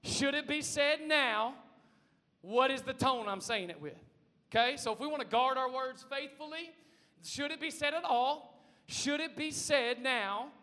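High, bright-voiced preacher in a hall. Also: male voice, measured pace. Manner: conversational, asks the congregation questions, bursts into shouts. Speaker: pastor. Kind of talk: energetic sermon. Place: church sanctuary. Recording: long reverb of a large hall.

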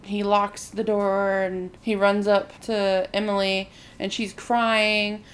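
A woman's voice: mid-range voice, little pitch movement, takes it slowly. A woman in casual chat, animatedly retelling a movie plot and acting out the characters' lines, with frequent "like".

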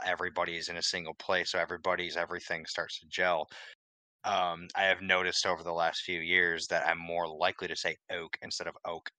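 Man, podcast co-host, very low voice, hard bright edge, profane animated storytelling. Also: dry recording. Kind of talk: casual chat.

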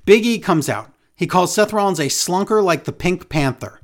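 Sarcastic, exasperated man with a high voice. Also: expressive, moderate pace. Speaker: podcast co-host. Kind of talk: casual chat recapping wrestling.

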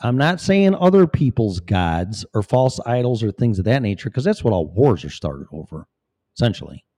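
A man's voice: on the low side, very animated, normal speed, mellow. A man talking in a rambling, profane, preachy monologue as a vlogger. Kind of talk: casual monologue.

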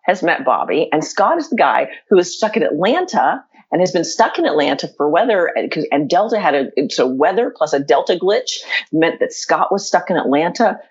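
A middle-aged woman chatting casually, telling an animated story with laughter and quoting her own thoughts. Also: on the low side, normal speed, breathy edge, highs cut off. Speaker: storyteller guest.

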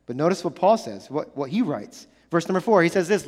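High-voiced pastor preaching in a hall. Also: male voice, fairly quick, hardly any pauses. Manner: animated, conversational preaching with rhetorical questions. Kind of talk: sermon. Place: church sanctuary. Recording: church hall with long reverb.

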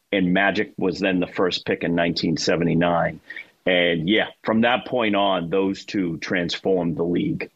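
A man's voice: lowish voice, breathy edge, dry recording, muffled recording. A man with a Boston accent, a sports commentator guest telling stories in an emphatic, chatty way on a radio chat.

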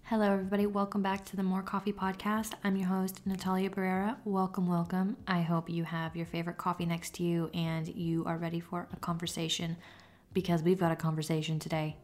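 Candid young woman hosting a podcast, low voice. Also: completely flat delivery, a little fast, darkish tone. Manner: open, confessional, casual with swearing. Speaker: podcast host. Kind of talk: candid solo podcast talk.

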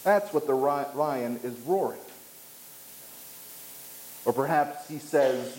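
A man preaching a sermon, emphatic, with dramatic pauses and rising pitch on key points. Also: darkish tone, echoey room, slight background noise, low-quality recording. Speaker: pastor. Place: church.

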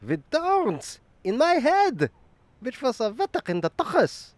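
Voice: high-pitched, wildly swooping pitch, measured pace, dry recording, full character voice. A performer voicing a male Jesus figure who keeps cutting in with exasperated protests. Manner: keeps interrupting with "oi", pleading.

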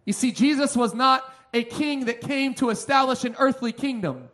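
A man with a very high voice preaches a sermon. He is emphatic, pushing some lines out loud and dropping others low. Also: moderate pace, few pauses. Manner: emphatic preaching, swings between loud and soft. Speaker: pastor.

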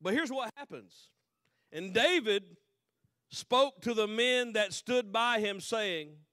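High-voiced preacher reading scripture slowly. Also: male voice, animated, sharp tone, dry recording, clean studio sound. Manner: slow emphatic scripture reading, loose paraphrase. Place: church.

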